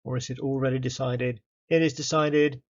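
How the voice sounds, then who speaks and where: A man calls the action of a football management game in an excitable, chatty play-by-play. His voice sits in a middle pitch. He talks straight to his players and the referee, and the recording sounds a little dull and muffled. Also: moderate pace. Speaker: gaming YouTuber.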